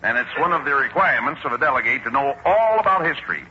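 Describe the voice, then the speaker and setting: A man as a brisk, bossy straight man in 1940s radio comedy, on a muffled old broadcast recording. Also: mid-range voice, expressive, a little hiss or hum.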